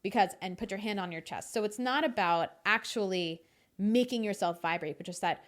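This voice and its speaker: A woman's voice: mid-range voice, a little fast. Woman vocal coach explaining technique. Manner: explains with sung demonstrations. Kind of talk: casual podcast chat.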